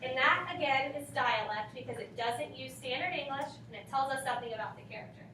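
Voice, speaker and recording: A woman's voice: high voice, brisk, sharp tone, a little hiss or hum. A woman teaching a class, reading and questioning her students, prompting them for answers. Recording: echoey classroom from far off.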